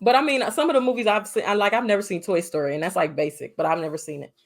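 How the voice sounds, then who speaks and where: A woman co-hosting a casual movie podcast, telling animated stories with frequent laughs and lots of fillers. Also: medium pitch, racing. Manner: animated storyteller, laughs often, many "you know" fillers. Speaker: podcast co-host. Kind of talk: casual chat.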